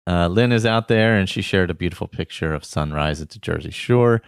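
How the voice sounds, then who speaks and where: A man hosting a casual podcast, reading out listener shout-outs in a relaxed, rambling way with many fillers. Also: low-pitched, brisk, gravelly, smooth, dry recording, clean studio sound. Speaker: podcast host.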